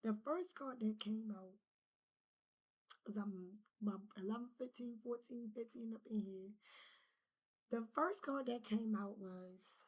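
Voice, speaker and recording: A woman giving a casual spiritual reading, animated and talkative, who drops into whispers, swears and laughs often. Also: a little high, a little slow, long pauses, low-quality recording. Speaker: spiritual reader.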